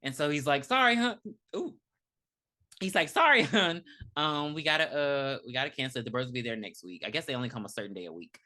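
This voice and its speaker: A woman's voice: very deep voice, animated, fast, bright, forceful tone. A woman co-hosting a podcast, casually retelling a movie with lots of fillers and laughter. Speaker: podcast co-host. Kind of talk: casual movie review chat.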